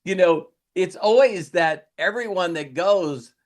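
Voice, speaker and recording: Slow-talking man, rambling storyteller. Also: high-pitched. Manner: rambling storyteller who acts out quoted lines. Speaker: coach. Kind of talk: motivational talk with retold stories.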